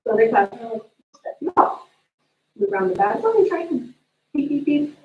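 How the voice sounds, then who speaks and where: A woman speaking as a sister at a memorial, telling family stories in an animated way. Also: very high voice, unhurried, creaky, a little hiss or hum. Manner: storytelling, animated retelling of family moments. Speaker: sister giving a eulogy. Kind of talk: memorial eulogy with family anecdotes. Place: memorial service room. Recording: distant echoey room mic, dull sound.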